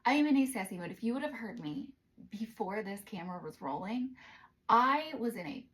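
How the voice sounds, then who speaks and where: A young adult woman from the United States chatting casually in a vlog, sassy and animated, dropping into whispers for asides. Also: a little high, fairly quick, rough recording. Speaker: vlogger doing product try-ons.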